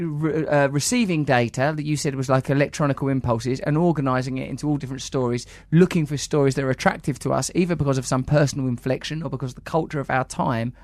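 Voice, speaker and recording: A man's voice: medium pitch, no echo. A middle-aged man hosting a podcast interview, musing in a playful, rambling, philosophical way. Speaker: podcast host. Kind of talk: casual conversational interview.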